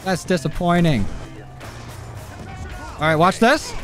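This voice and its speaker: A man giving gameplay commentary, excitable and self-mocking, laughing at his own misses. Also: a little high, a little fast. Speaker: gaming YouTuber. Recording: game music and gunfire behind.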